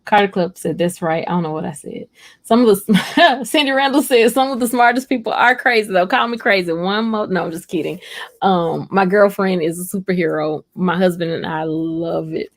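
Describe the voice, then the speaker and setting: A woman's voice: fairly low pitch, moderate pace. A woman hosting a casual livestream, reading out viewer comments and answering them in a rambling, heartfelt way. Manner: rambling, chatty and heartfelt, addresses viewers directly.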